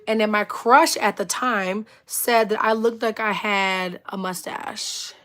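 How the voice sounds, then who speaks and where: A woman's voice: medium pitch, takes it slowly. A woman hosting a casual livestream, telling rambling stories full of "like", laughing, and greeting viewers in chat. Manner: expressive, laughs often. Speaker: livestream host.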